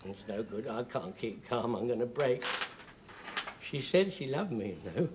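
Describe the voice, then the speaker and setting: Jittery elderly butcher, fussy quavery voice, sitcom with audience laughing. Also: male voice, high voice, big pitch swings, takes it slowly, exaggerated voice. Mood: overjoyed. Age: older. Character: excitable elderly male butcher, lovestruck and flustered. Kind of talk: 1960s-70s sitcom acting. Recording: noisy old TV soundtrack with audience laughter.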